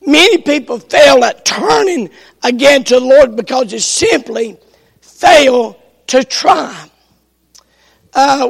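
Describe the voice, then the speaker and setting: Gravelly high-voiced preacher with a cough. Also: male voice, long reverb tail. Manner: emphatic, repeats his refrain, rises to shouts. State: strained, coughing voice. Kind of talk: sermon. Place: church sanctuary.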